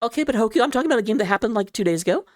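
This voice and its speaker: A woman's voice: fairly high pitch, lively intonation, racing, darkish tone, dry recording, studio quality. Chatty giggly woman casting a game. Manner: chatty, giggly and self-deprecating, with frequent asides and apologies. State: recovering from surgery, sitting low in her seat. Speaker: esports caster. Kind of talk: solo game commentary mixed with personal chat.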